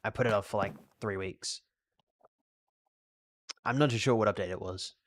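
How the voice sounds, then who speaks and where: An Australian live streamer plays a game and chats casually, reading out and answering chat questions while rambling and restarting sentences. His voice is lowish at a normal speed, with a little hiss or hum in the recording.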